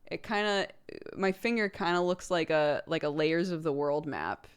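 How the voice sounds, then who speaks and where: Woman streamer host, casual chatty delivery, lower smooth voice, loose and rambling. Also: normal speed. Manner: chatty, rambling, with many "like" fillers and frequent laughs. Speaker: mother of a toddler. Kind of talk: casual chat with stream viewers.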